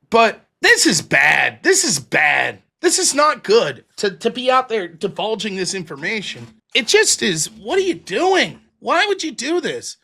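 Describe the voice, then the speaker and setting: Male commentary host, profane and incredulous, wide-swinging pitch, bright edge. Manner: exasperated, incredulous, swearing.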